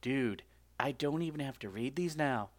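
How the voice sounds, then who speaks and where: A man's voice: mid-range voice, expressive, normal speed, pitched below the performer's own voice, close to an everyday voice. A man voicing a laid-back young male surfer dude who drawls and keeps saying "like". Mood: mellow.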